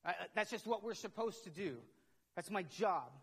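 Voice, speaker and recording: A man's voice: high voice, lively intonation, moderate pace, breathy edge. A middle-aged man, preaching a conversational sermon as a pastor, asking himself questions and repeating words as he builds up. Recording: long hall reverb.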